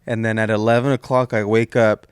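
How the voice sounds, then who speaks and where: A man's voice: lowish voice, flat delivery, clean tone, no echo, studio quality. A young man co-hosting a comedy podcast, telling a rambling story full of restarts and fillers. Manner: rambling, halting, many restarts. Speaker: podcast co-host.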